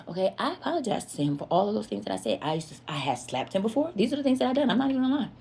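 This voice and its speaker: A woman's voice: mid-range voice, big pitch swings, racing, dark tone, slight background noise. A woman telling a candid personal story to her viewers in an earnest, confessional way. She repeats herself for emphasis and often speaks to her listeners as "y'all.".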